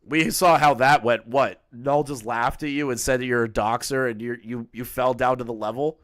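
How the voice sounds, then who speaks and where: A man's voice: medium pitch, steady tone, moderate pace, a bit bright, no echo. A man giving casual live-stream commentary, reading messages aloud with sarcastic, mocking asides.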